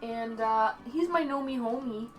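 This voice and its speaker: A woman's voice: a little high, measured pace, soft background music. A woman livestreaming and casually answering her chat aloud, rambling and chatty with some swearing. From Canada.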